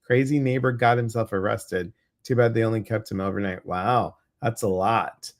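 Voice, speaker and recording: A man's voice: on the low side, steady tone, normal speed. A man hosting a livestream podcast, chatting casually and greeting viewers by name. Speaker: podcast host.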